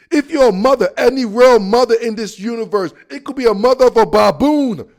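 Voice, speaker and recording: Brief: male sports podcast host, high pitch, animated slangy rant. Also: vocal fry. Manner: animated, slangy, keeps saying "dog".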